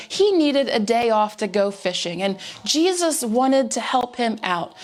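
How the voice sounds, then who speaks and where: A woman with a high voice tells church jokes one after another, unfolding each one as a little story. Now and then she pauses on a filler word before carrying on. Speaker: joke teller at a church service.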